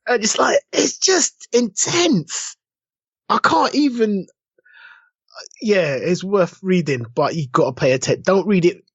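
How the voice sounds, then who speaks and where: A man's voice: high voice, lively intonation, unhurried, a bit bright, breathy edge, no echo. A man co-hosting a podcast, chatting casually and acting out quotes in different voices. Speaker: podcast co-host. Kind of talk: casual chat. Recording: dull lo-fi dry sound.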